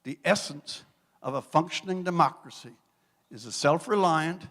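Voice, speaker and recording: High-voiced man in echoing hall. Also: moderate pace, a bit bright. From Newfoundland, Canada. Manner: wry, dramatic storytelling with rhetorical flourishes. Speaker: guest speaker. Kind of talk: after-dinner speech. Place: gala banquet hall. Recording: long reverb of a large hall.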